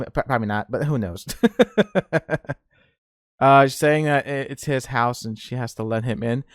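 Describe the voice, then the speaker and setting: A man's voice: mid-range voice, moderate pace, clear, resonant tone, no echo, studio quality. A man hosting a podcast, rambling in casual chat with frequent laughs and fillers. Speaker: podcast host.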